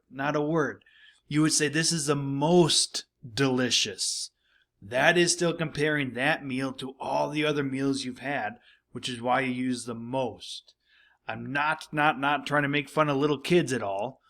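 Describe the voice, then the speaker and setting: A man's voice: mid-range voice, fairly bright tone. A middle-aged male teacher talking casually through a recorded grammar lesson for young students, with playful asides. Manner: casual and chatty, playful asides, acts out kids' voices. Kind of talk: recorded teaching video for third graders.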